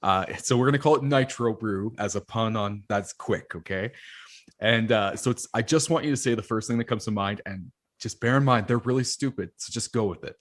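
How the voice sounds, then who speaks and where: Playful man hosting a podcast. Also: fairly low pitch. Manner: playful, quick-fire quiz questions. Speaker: podcast host. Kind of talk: casual interview chat.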